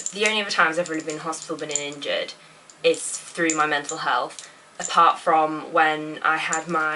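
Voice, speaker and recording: Young woman, chatty and giggly, rambling, slightly lower bright voice, recorded a bit off-mic. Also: far from the mic, slight background noise, rough recording. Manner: giggly, rambling, lots of fillers. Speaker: vlogger answering viewer questions. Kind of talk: casual Q&A chat. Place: home bedroom.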